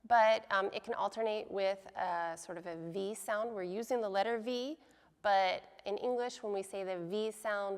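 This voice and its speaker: A woman teaching pronunciation in a patient way, explaining each sound slowly and repeating the words. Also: medium pitch, long reverb tail. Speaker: language teacher. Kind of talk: pronunciation lesson.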